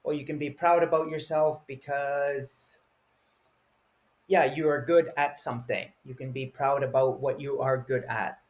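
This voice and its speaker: A man's voice: mid-range voice, steady tone, unhurried. A man teaching English vocabulary, explaining each word patiently and acting out short example feelings.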